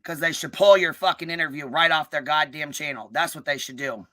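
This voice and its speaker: A woman hosting a live stream, ranting and calling people out in a combative, profanity-heavy way, with a notably low, bass-heavy voice. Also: a little fast, sharp tone. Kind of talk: live-stream commentary rant.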